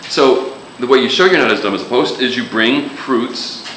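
Guy giving a chatty sermon, punchy bright tone, roomy echo. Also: mid-range voice, lively intonation, brisk, few pauses, slight background noise. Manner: conversational, joking asides, emphatic rises. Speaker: preacher. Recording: echoey room with faint ambience.

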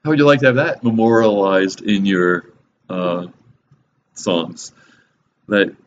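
A man giving a casual, conversational Bible lesson with a wry, joking manner, on a slightly dull recording with faint hiss. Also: fairly low pitch. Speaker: Bible teacher.

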